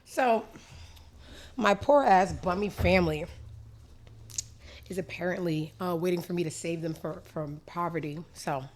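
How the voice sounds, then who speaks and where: A woman hosting her own show in a crude, sassy comedic monologue that swings from low mutters to loud outbursts. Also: slight background noise. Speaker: show host.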